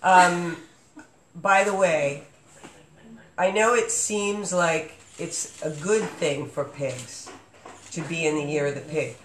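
A man's voice: a little high, slow pace, a bit bright. A man hosting a casual podcast chat, rambling with lots of fillers and restarts. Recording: echoey room with faint noise.

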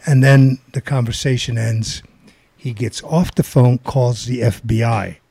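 A man's voice: mid-range voice, unhurried, vocal fry, breathy edge, dry recording. An older man telling a long rambling anecdote in casual chat, acting out the voices of people in it. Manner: rambling, animated storytelling with quoted voices.

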